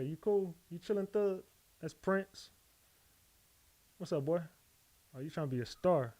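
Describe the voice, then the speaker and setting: A man hosting a casual livestream, loose and chatty, giving repeated shout-outs to his viewers. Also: high-pitched, no room sound. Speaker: livestream host.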